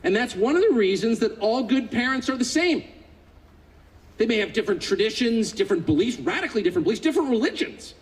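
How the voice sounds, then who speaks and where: A man's voice: very high voice, big pitch swings, fast talker, rough recording. A man in his fifties from California giving a political speech to a live audience, sarcastic and mocking, building to indignant outbursts. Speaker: public speaker.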